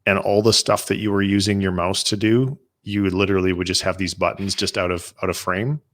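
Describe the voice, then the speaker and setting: A man from Western Canada, a podcast guest, talking in a relaxed, matter-of-fact way and explaining gear. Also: low voice, a little fast. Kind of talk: casual interview chat.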